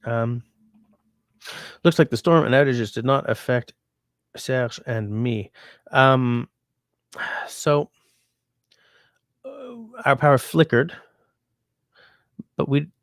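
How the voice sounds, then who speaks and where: A man's voice: medium pitch, sing-song, takes it slowly, gravelly, long pauses, no room sound, clean studio sound. A sick man hosting a livestream from home, chatting casually and reading viewer comments aloud in a rambling, easygoing way. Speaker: livestream host.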